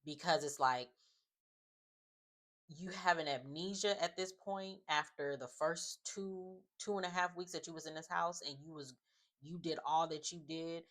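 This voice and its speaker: A woman with a strikingly low voice recaps a reality show in a loose, chatty way. She is opinionated, leans on fillers and keeps up a running commentary. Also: a little slow, fairly bright tone. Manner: chatty, opinionated, often says "just like" and "um".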